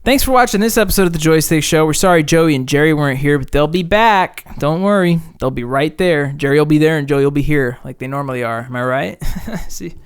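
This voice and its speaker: A fairly high-voiced man with a gravelly but smooth sound co-hosts a casual podcast. He jokes and rambles, with loud bursts. The recording is dry and close. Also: a little fast, few pauses, dry recording. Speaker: podcast co-host. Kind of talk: casual chat.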